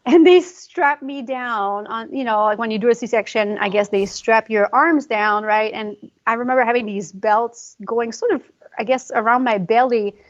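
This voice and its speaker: Woman podcast guest, fairly high voice, emotional storyteller full of fillers; slightly muffled lo-fi audio. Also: normal speed. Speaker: guest, pre and postnatal fitness coach. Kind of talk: conversational podcast interview.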